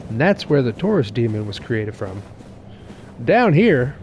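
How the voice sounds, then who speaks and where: A young man streaming a game live, excitable and laughing, swearing casually and chatting with his viewers while nursing a sore tooth. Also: medium pitch, a little slow, a little hiss or hum.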